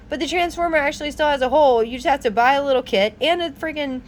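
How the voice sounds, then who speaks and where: A woman vlogger reads a car manual aloud while casually explaining a repair, chatty and animated, laughing often and tossing in exasperated asides. Her voice is high and fast, with a little hiss or hum.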